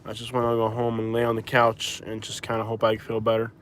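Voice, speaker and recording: A man's voice: medium pitch, completely flat delivery, brisk, a bit bright. A man from Florida talks from the driver's seat of a car during a live stream. He rambles loosely, stops and restarts his sentences, and sounds tired from a migraine. His voice sits in an ordinary middle range. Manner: rambling, self-correcting, chatty. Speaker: vlogger. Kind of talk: casual live-stream chat. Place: inside a vehicle.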